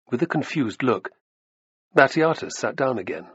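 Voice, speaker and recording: Husky male audiobook narrator, lively reading. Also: mid-range voice, normal speed, no echo. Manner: dramatic, expressive reading. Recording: dull lo-fi dry recording.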